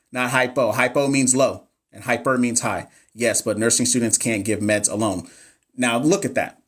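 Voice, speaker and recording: A man running a live nursing exam review, chatty and animated, reading questions aloud and talking to viewers in the chat. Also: mid-range voice. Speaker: NCLEX review coach.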